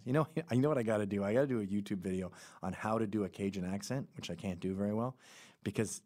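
A middle-aged man riffing on a podcast with loose, irreverent commentary. He rambles from topic to topic in an even, middle-pitched voice. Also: brisk. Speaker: podcast host.

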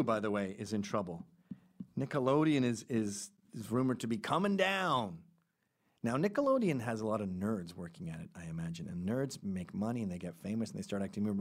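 A middle-aged man hosting a podcast, talking in a rambling, irreverent, casual way. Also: medium pitch. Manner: rambling, irreverent, jumps between topics. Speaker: podcast host.

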